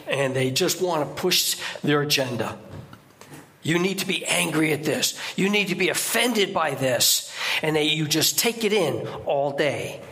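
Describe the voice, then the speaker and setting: A man preaching a sermon as a guest preacher in a church, in a conversational way with sudden emphatic rises in pitch. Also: fairly bright tone.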